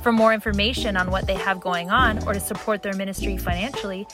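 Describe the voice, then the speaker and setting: Female announcer, scripted outro read, over a clear music bed. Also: mid-range voice, steady tone, fast. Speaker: podcast announcer.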